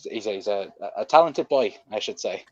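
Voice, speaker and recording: A man's voice: fairly low pitch, animated, a little fast, highs cut off. A man co-hosting a casual football chat show, rambling with many ums and restarts. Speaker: football podcast co-host. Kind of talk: casual post-match chat.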